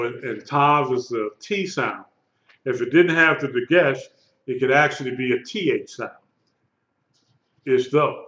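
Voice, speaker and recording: A man teaching a live Hebrew lesson, speaking slowly and patiently and repeating words for his students. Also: medium pitch, pushed and bright. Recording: lo-fi echoey room recording.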